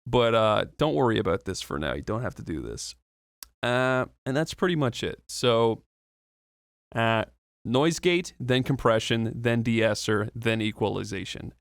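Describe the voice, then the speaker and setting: A man's voice: mid-range voice, unhurried, creaky, no room sound, clean studio sound. A man talking through an audio tutorial in a loose, casual way, explaining each step with fillers and the odd swear.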